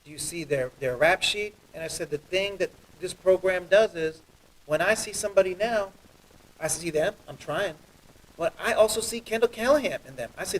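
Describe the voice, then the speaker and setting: A man who is a judge, talking earnestly and quickly as an interview guest, telling stories with animation. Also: high-pitched, distant mic, poor audio. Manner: earnest, fast, animated storytelling. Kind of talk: interview guest, heartfelt talk.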